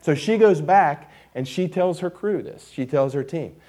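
A middle-aged man preaching a sermon, telling a personal story with emphatic, storytelling delivery that drops to quiet intensity. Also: fairly high pitch, expressive, a little slow. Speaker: pastor.

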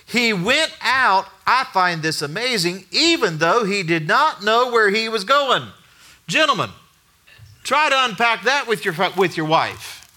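A middle-aged male pastor preaching a sermon in a conversational way, asking the room questions and dropping quiet to stress a point. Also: high-pitched, sing-song, unhurried.

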